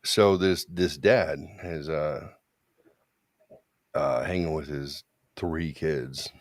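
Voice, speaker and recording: A man's voice: a bass voice, drawn-out words, pauses often, a little mellow, no room sound, studio quality. A man co-hosting an online talk show, telling crude stories in a rambling, joking way. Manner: rambling, joking, voices quoted people. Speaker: podcast co-host. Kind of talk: casual chat, crude storytelling.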